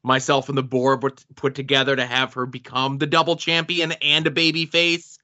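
A man co-hosting a podcast in casual chat, dry and joking in a measured way. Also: medium pitch, little pitch movement, sharp tone. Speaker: podcast co-host. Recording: dull lo-fi sound.

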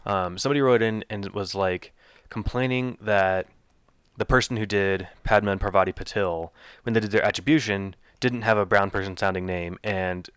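A man co-hosting a podcast who talks in rapid, animated bursts with many fillers and asides. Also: on the low side, smooth, no room sound. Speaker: podcast co-host. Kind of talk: casual podcast chat.

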